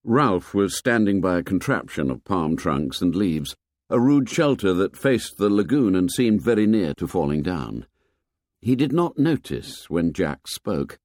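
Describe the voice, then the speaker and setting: Low-voiced man narrating a story. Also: dry recording, studio quality. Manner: measured, expressive reading. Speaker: audiobook narrator. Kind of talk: scripted narration.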